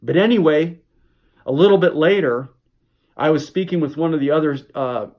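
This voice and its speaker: A man's voice: on the high side, normal speed, dull audio. A man vlogging, telling a personal story straight to the camera in a rambling way, with frequent restarts. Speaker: health vlogger. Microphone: camera mic.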